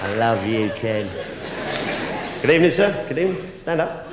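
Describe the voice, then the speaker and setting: A man, brash and cheeky, works a live stand-up crowd. His voice rings through a big echoey theatre with a long reverb tail. Loud audience laughter and noise sit behind him. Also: medium pitch, sing-song, normal speed. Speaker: stand-up comedian.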